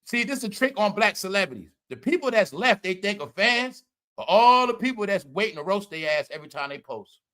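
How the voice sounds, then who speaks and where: High, bright-voiced man ranting on a livestream. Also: big pitch swings, fairly quick. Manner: loud, laughing, profane, repeats "all right?". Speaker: commentary livestream host. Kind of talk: casual livestream commentary.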